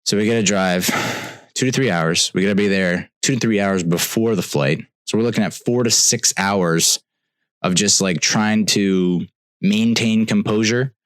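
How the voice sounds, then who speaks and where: A young man, telling a comedic story on a podcast with exasperated ranting that swings from loud outbursts to low mutters. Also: moderate pace, smooth, dry recording. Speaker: podcast host.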